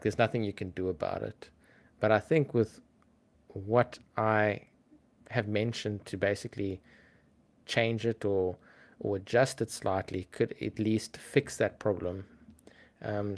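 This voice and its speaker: Relaxed, chatty man, fairly low voice. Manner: relaxed, chatty, frequent ums. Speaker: livestream host. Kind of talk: casual livestream chat.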